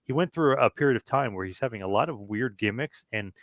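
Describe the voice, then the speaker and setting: A man co-hosting a casual podcast, breaking down wrestling history quickly and thinking out loud. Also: mid-range voice, expressive, no room sound, clean studio sound. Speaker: podcast co-host.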